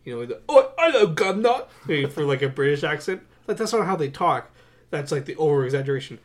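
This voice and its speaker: A young man co-hosting a podcast, chatting casually about movies with a wry, sarcastic, animated delivery. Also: a little high, fast talker. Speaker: podcast co-host. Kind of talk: casual movie-review chat.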